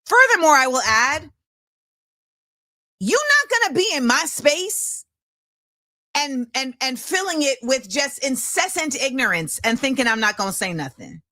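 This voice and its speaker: Woman host, emphatic and forceful commentary, high bright voice, dry close sound. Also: big pitch swings, unhurried, dry recording. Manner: forceful, emphatic, repetitive rhetorical phrasing. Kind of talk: impassioned commentary monologue.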